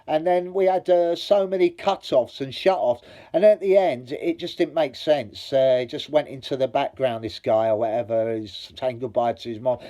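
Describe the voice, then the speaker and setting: A male vlogger gives a heated, profanity-laced review directly to camera, rambling bluntly as his argument builds. His dark, mellow voice sits at a middle pitch, moving at a moderate pace with hardly any pauses.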